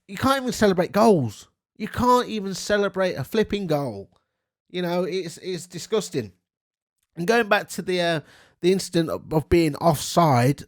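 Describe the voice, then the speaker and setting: Sweary indignant bloke ranting. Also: male voice, on the high side. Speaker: football vlogger. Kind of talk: angry football rant.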